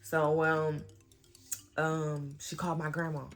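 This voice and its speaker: A woman vlogger telling a personal story to her viewers, animated and full of fillers. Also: low voice, slow, faint music behind. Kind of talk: storytime vlog.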